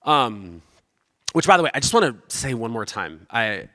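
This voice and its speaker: A man's voice: medium pitch, big pitch swings, normal speed, bright, forceful tone, in a large hall. A man giving a casual, conversational sermon as pastor, self-deprecating and acting out the voices of the people he quotes.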